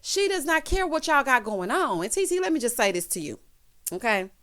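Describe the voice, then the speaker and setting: A sassy woman in a casual recap vlog, dishing gossip straight to her viewers. Her voice sits a bit high and swings all over the place as she reacts. She keeps tossing in "honey" and "child" as she talks. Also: very animated, a little fast, a bit bright. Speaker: reality TV recap host. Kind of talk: casual recap commentary to camera.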